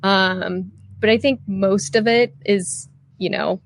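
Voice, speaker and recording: Woman, 30s, guest coach; casual and talkative, fry in the voice. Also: mid-range voice, fairly even intonation, slow, a little hiss or hum. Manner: chatty, many fillers like "like" and "you know". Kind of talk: conversational interview.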